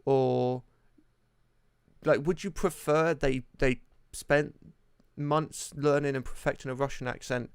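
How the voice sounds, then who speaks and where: A man with a gravelly yet smooth, resonant voice, talking in a relaxed podcast conversation. He hesitates often and fills the gaps with ums. The sound is dry and close. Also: mid-range voice, no room sound. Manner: hesitant, halting with many ums. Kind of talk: casual chat.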